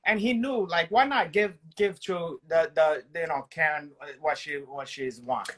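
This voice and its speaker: A man's voice: fairly high pitch, moderate pace, fairly bright tone. A man co-hosting a casual show, joking and swearing freely in banter. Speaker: co-host. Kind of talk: casual chat.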